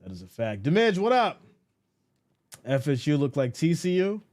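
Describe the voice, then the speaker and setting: A man with a fairly high voice hosts a casual sports live stream and reads viewer comments aloud. His pitch swings widely as he banters, and he slips into mock exasperation when teased. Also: very animated, normal speed, darkish tone. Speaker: live stream host reading chat.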